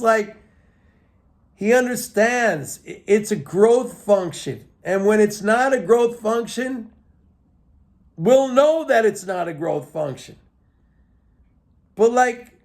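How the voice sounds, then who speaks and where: A man's voice: sits high, gravelly, darkish tone. A man, a market commentator, talking through his thoughts in a rambling casual monologue, repeating himself and filling with "like" and "okay?".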